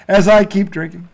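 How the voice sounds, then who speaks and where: Animated, high-voiced sports talk man. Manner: profane, ranting, quick to laugh. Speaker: sports talk show host. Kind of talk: casual sports debate.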